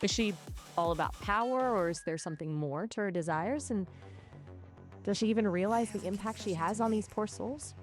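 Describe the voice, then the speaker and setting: A woman's voice: mid-range voice, music in the background. An AI chatbot speaking in a woman's voice, chatting playfully and quipping with a streamer. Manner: chirpy, playful, quick with quips. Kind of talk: casual chat.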